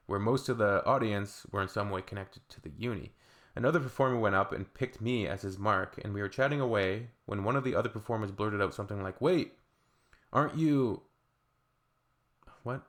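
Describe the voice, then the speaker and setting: Brief: low-voiced Canadian guy, reading comments, deadpan sarcastic asides. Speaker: reaction video host.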